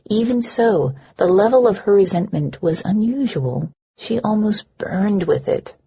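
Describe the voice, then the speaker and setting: A woman's voice: medium pitch, animated, unhurried, gravelly, hardly any pauses, dark tone, husky. A woman narrating a first-person audiobook with a dry, wry delivery. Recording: dull lo-fi recording.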